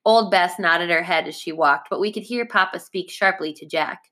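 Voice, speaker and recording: Lady teacher reading a chapter book out loud to her class, steady and plain, fixes her slips as she goes. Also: lowish voice, normal speed. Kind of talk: reading a storybook aloud to a class.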